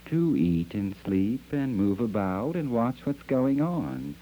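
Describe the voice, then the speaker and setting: A man's voice: mid-range voice, very animated, takes it slowly, pitched above the performer's own voice. A man voicing a flock of squawking, cooing birds. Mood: cheerful. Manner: mimics quacks, hoots and chirps. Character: chorus of chattering wild birds. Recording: dull lo-fi archive recording.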